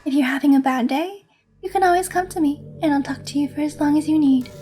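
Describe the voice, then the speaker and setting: A woman voicing a sweet, intense teenage girl who is a club president, reading game dialogue softly and affectionately. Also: high voice, quick pace, faint music behind, natural voice. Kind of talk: reading visual novel lines aloud.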